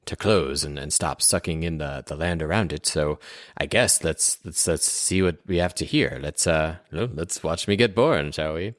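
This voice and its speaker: An anxious young nobleman, voiced by a man, stammering and restarting in a low, dry voice. It comes from a tabletop role-play recorded with a close mic. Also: moderate pace, dry recording. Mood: flustered. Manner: stammering, nervous.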